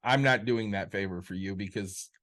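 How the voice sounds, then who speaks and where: Low-voiced man, dry podcast co-host. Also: normal speed, fairly bright tone. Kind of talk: casual chat.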